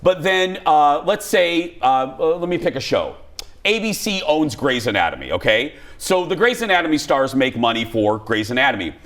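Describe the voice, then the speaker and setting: A man hosting a talk show in a studio, chatting and joking in an animated way. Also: normal speed. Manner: animated, joking, swoops between high and low. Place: TV studio with live audience. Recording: studio audience and room noise behind.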